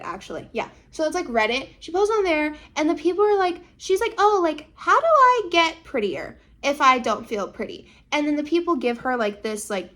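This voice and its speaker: High-voiced chatty woman recapping a show. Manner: gushing, dramatic, acts out characters' lines in quick put-on voices; talks fast with lots of fillers and asides to the listener. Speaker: vlogger recapping a drama.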